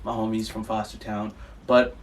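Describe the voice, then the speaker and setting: A man from Jamaica co-hosting a casual podcast, relaxed and chatty, often asking "you know what I mean". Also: lowish voice, moderate pace, far from the mic. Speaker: podcast co-host.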